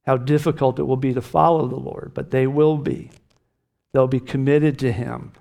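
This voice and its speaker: Middle-aged man, pastor, sermon, earnest, emphatic, mid-pitched voice. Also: fairly even intonation, normal speed, creaky, mellow. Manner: earnest, emphatic preaching with lifts on key phrases.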